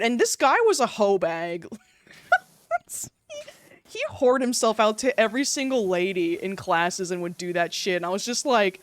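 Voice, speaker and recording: Lively young woman streamer chatting. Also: medium pitch, normal speed, no room sound. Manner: animated storytelling, swearing, laughing often. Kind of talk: casual livestream chat.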